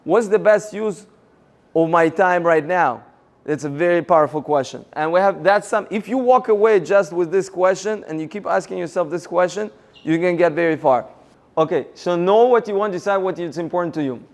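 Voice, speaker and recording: A man giving a motivational seminar talk, energetic and rallying the audience with questions. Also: sits high, moderate pace. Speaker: seminar speaker.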